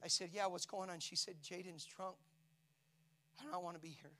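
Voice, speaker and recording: A middle-aged male pastor telling an emotional story in a sermon, dropping to hushed tones and rising to shouts. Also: sits high, fairly even intonation, normal speed.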